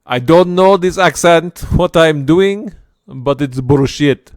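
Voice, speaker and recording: A man's voice: a little high, slow, a little mellow, no room sound, studio quality. A man giving blunt, crude, joking reaction commentary.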